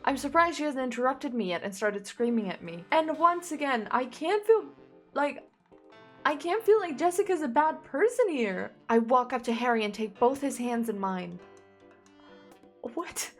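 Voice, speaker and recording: A young woman reading fanfiction aloud as a content creator, breaking in with animated, sarcastic jokes and giggles. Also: a little high, moderate pace, soft background music.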